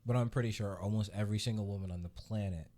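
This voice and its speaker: A man with a lowish voice hosts a live reaction stream. He talks in casual, blunt commentary, swears freely and breaks into laughing asides. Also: fairly even intonation, fast, warm tone. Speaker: live reaction show host.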